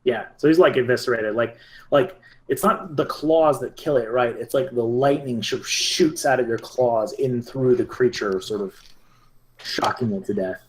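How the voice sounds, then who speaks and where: A man's voice: medium pitch, normal speed, noisy background. A man running a tabletop game as game master, narrating loosely with lots of fillers. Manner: loose, laughing, with many fillers.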